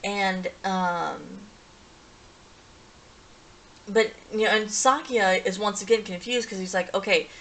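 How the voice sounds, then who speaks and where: A woman's voice: medium pitch, slow pace, long pauses, fairly bright tone, slight background noise, poor audio. A woman giving a casual, rambling plot recap as a reviewer, full of restarts and fillers.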